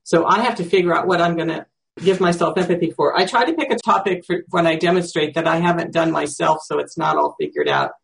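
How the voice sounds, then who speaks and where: A sixty-year-old teacher speaks in a creaky voice of middling pitch. The talk is slow and reflective, with pauses, as they think aloud and search for words. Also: very animated. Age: 60s. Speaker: teacher demonstrating self-empathy. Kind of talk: reflective spoken demonstration.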